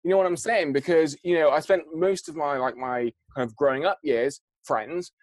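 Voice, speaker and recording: A man's voice: fairly high pitch, moderate pace, no echo. A man chatting casually about business, rambling with many restarts and asides. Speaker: entrepreneur guest. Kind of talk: casual chat.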